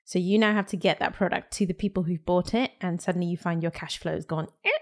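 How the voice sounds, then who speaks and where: A woman's voice: fairly low pitch, steady tone, fast talker, a little mellow. A woman speaking as a podcast guest in a candid, casual interview, with frequent fillers.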